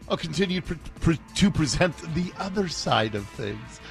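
A man's voice: fairly high pitch, very animated, normal speed, creaky, soft background music. A man hosting a political commentary show, talking through clips with sarcastic, mocking asides. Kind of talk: opinionated news commentary.

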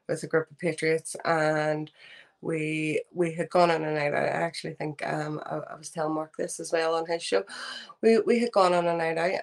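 A woman with a Belfast accent answers interview questions in a somewhat low voice. She is earnest and halting, with frequent ums and restarts as she builds her point. She sounds middle-aged and speaks with steady conviction. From Northern Ireland. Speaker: guest. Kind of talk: remote interview.

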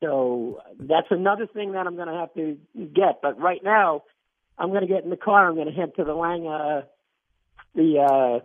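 A man's voice: on the high side, normal speed. A man calling into a radio show, sounding eager and grateful. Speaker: caller. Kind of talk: casual phone call. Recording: tinny phone line.

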